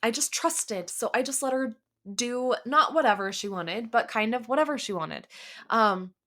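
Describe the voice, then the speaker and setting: A woman's voice: fairly high pitch, expressive, normal speed, bright, forceful tone. A woman in her forties hosting a casual solo podcast, talking candidly with lots of "like" and "um" fillers. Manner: candid, conversational, many "like" and "um" fillers. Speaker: podcast host.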